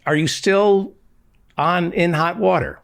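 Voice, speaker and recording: A man hosting a podcast interview over a video call, with slightly halting introductions that repeat words. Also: high voice, gravelly. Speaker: podcast host. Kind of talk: casual interview chat.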